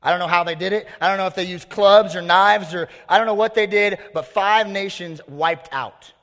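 Energetic casual youth pastor, man. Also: sits high, moderate pace. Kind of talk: youth sermon. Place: large hall on a stage. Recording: long hall reverb.

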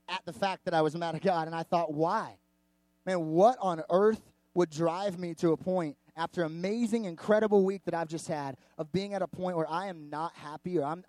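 A male pastor with a notably high voice tells a story in his sermon, animated, candid and chatty. The sound is close and dry, with no room around it. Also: no echo. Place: church service before a live audience.

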